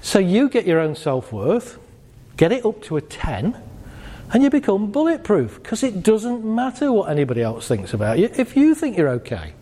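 Man, motivational speaker, mellow high voice, jokey and conversational, live audience, hall reverb. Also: normal speed. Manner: animated, conversational, jokey, acts out quoted voices.

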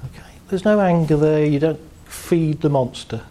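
Man therapist, fairly high voice, mellow tone, calm coaching, light laughs. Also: normal speed. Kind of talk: guiding a group through a visualization exercise.

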